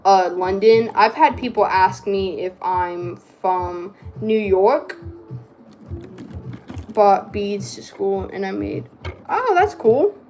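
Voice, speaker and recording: Slow-talking woman who can't pronounce R's. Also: a little high, darkish tone, a little hiss or hum. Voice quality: speech impediment, trouble pronouncing R's. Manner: rambling, chatty, self-interrupting. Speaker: vlogger. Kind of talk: casual chat while crafting.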